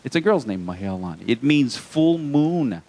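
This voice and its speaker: A man's voice: on the high side, expressive, unhurried, darkish tone. A man from Hawaii doing a live stand-up set in a small comedy club, with self-deprecating, wry asides to the crowd.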